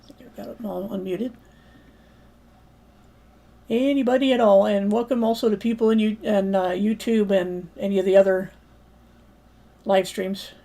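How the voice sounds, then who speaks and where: A woman lecturing at a livestreamed Bible study, at a mid pitch for a woman. She argues her points step by step. She stops now and then to ask her viewers for comments. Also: steady tone, mellow. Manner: argumentative, pausing to invite viewer comments.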